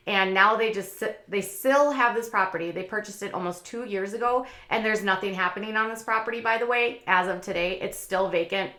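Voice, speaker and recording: A woman's voice: mid-range voice, pushed and bright, roomy sound. A woman hosting a casual commentary channel, talking in a chatty, opinionated way with lots of fillers.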